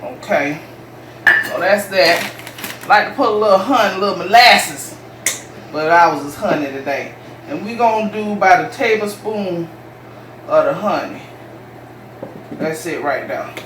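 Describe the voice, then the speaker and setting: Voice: mid-range voice, lively intonation, unhurried, long pauses, fairly bright tone. Southern home cook chattin to the viewers, y'all style, kinda far off the mic in an echoey kitchen, faint hum behind. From Jacksonville, Florida, US. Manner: chatty and folksy, talks straight to viewers as y'all. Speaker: home cooking show host. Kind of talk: casual cooking demonstration.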